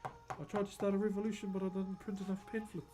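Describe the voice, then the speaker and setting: Gentle rock-creature leader voiced by a New Zealand man, soft-spoken and sheepishly understated, light raised register. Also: high-pitched, level tone, fast, music in the background, pitched above the performer's own voice, lightly acted.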